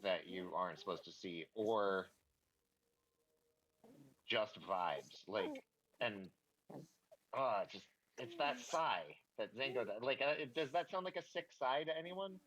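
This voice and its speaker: Low-voiced man thinking aloud mid-game. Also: animated, measured pace, pauses often, fairly bright tone, rough recording. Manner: thinks aloud, many restarts. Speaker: game player. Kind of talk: casual chat while streaming a game.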